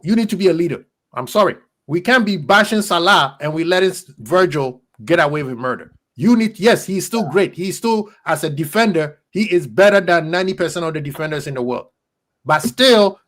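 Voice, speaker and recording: A man's voice: high-pitched, fairly bright tone. A man hosting a heated fan debate on football, blunt and emphatic, hammering his points home. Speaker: football podcast host.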